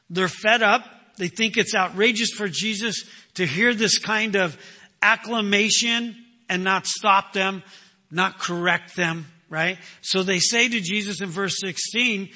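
A man's voice: high-pitched, sharp tone, long reverb tail. A man preaching a sermon, emphatic, asking rhetorical questions and answering them himself. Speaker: pastor.

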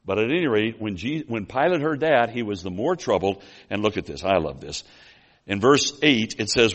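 A man preaching an expository sermon, telling the story with animation, swinging between loud emphasis and quiet asides, calling the congregation folks and restarting his phrases. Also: on the low side, sing-song, normal speed. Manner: addresses the congregation as folks, with restarts and apologies for running long.

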